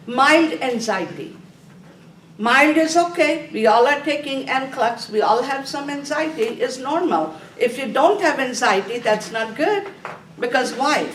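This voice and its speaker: A woman instructor giving a classroom review lecture, asking questions, answering them herself and telling students to underline key words. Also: on the high side. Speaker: nursing exam review instructor. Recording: echoey room, voice from a distance, faint noise.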